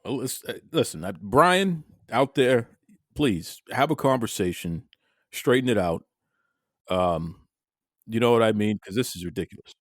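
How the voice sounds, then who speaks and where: A man with a low voice co-hosts in a calm, reasoning way, pausing now and then on small fillers. The recording is dry and close, with no room sound. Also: dry recording. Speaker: podcast co-host. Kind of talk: casual chat.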